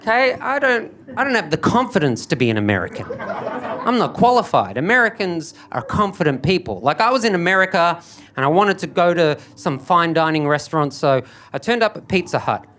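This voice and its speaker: A young man doing stand-up on a club stage into a handheld mic, dry and self-deprecating, with sudden jumps into a higher voice. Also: sing-song, brisk. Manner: dry, self-deprecating delivery with sudden high-pitched bursts. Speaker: stand-up comedian. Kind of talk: stand-up routine. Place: comedy club stage with audience. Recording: live stage recording with crowd noise.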